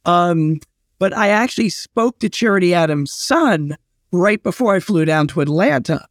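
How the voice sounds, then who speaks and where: Man, historian guest, higher-pitched, chatty anecdotal delivery, dry close sound. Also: expressive, normal speed, no echo. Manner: anecdotal, chatty with fillers and restarts. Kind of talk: casual storytelling interview.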